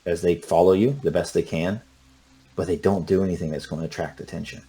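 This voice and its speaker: A man narrating a tabletop horror game as game master, speaking in a hushed, unhurried way with frequent restarts. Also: low voice, fairly even intonation, faint music behind.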